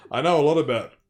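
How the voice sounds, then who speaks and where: A man co-hosting a livestream, making deadpan jokes and laughing often. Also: fairly high pitch. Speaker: co-host. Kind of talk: casual livestream chat.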